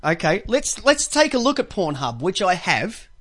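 High, lively Australian man. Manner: joking, quick to laugh. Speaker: podcast co-host. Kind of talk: crude casual banter.

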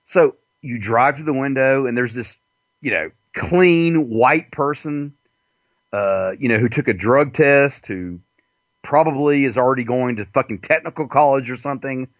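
A male podcast host delivers a crude, mocking monologue, animated and full of swearing. His voice is medium in pitch at a moderate pace, and the recording is dry and dull-sounding.

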